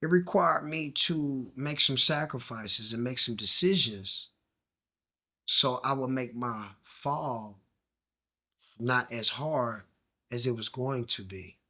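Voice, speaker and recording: A man's voice: medium pitch, slow pace, pushed and bright. A man guest telling his story in slang, acting out the voices in quoted dialogue and dropping to a near-whisper at tense moments. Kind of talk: candid storytelling interview.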